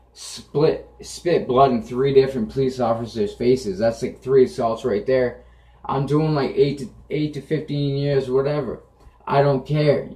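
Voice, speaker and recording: A man's voice: mid-range voice, darkish tone. Blunt young man telling stories, echoey room. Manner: blunt, profane, matter-of-fact. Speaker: vlogger. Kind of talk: casual storytelling.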